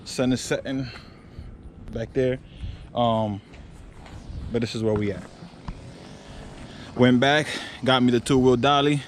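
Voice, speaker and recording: A man's voice: mid-range voice, steady tone, takes it slowly, long pauses, a little hiss or hum. A young man chatting casually to camera outdoors by his truck and garage, loose and rambling with fillers. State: out of breath. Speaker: car vlogger. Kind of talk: casual vlog talk to camera.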